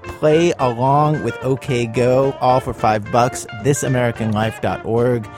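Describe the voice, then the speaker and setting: A male radio host reads the show's credits and announcements in a brisk, matter-of-fact manner. Plucked guitar music plays clearly underneath him, and his voice is pitched in the middle range. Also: fairly even intonation. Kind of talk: scripted radio narration and credits.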